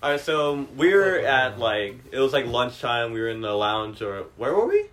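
A man's voice: mid-range voice, big pitch swings, moderate pace, a bit bright. Laid-back young man, slangy storyteller. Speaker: podcast co-host. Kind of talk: casual chat among friends.

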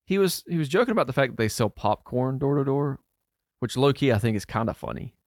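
A man's voice: mid-range voice, expressive, darkish tone, no room sound. Chatty man, dry close sound. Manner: chatty, laughs often, quick asides. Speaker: podcast co-host. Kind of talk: casual chat.

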